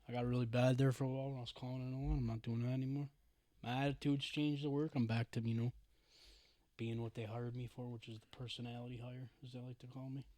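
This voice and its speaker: Crude, excitable young man on a podcast. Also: mid-range voice, no echo. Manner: crude, excitable storytelling, swearing, mimics others' voices. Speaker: podcast co-host. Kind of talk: casual podcast banter. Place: podcast studio.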